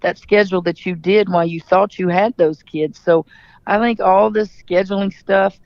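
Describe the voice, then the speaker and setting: Gravelly-voiced woman coach. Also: mid-range voice, steady tone, normal speed, no room sound, highs cut off. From Louisiana. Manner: candid, emphatic storyteller. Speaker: head coach, guest. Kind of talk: radio interview.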